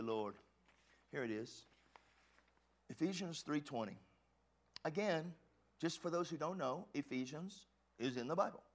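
Here a pastor with a voice on the high side alternates between quiet, hushed delivery and fervent outbursts. Repeated words and abandoned, restarted sentences run through his preaching.

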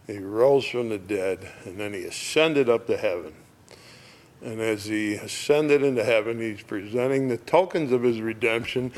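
A man preaching a reflective sermon, lingering over phrases and dropping to a near hush at moments of emphasis. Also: fairly low pitch. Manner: slow, reflective, dropping to a hush on key words.

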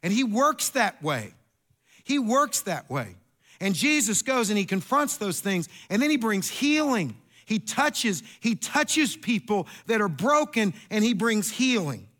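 High, bright-voiced preacher man. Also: a little slow. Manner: animated, storytelling with asides and repeats. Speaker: pastor. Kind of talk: sermon.

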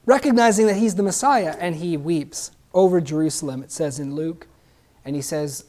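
A man's voice: a little high, moderate pace, a little mellow. Conversational preacher man. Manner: conversational, often adding a questioning "right?". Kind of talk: sermon.

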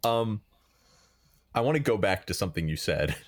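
A man's voice: lowish voice, lively intonation, normal speed. A man co-hosting a casual film podcast, asking questions and hesitating as he looks for words. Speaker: podcast co-host.

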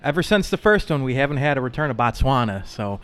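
This is a man from Chicago co-hosting a podcast in a loose, casual chat. He keeps things relaxed and jokey and lets his sentences drift into asides. His voice sits at an ordinary middle pitch for a man. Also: fast, clean tone. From Chicago, United States. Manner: laid-back, joking banter with trailing asides. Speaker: podcast co-host.

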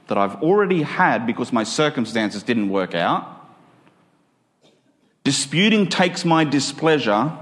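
An Australian man preaching a sermon in a conversational way, full of rhetorical questions and acted-out examples. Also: mid-range voice.

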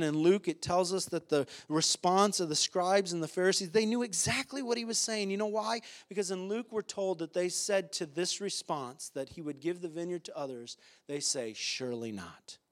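A man preaching a sermon as pastor, impassioned and emphatic, with frequent hesitant fillers between points. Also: high voice.

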